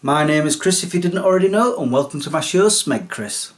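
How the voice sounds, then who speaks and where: A man's voice: high voice, quick pace, faint music behind. Sarcastic chatty male vlogger. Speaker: vlogger host. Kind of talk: comedic solo vlog.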